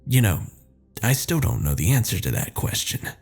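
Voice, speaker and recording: A man narrating a first-person horror story in a measured, descriptive way. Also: fairly low pitch, very animated, gravelly, a little mellow, breathy edge, soft background music.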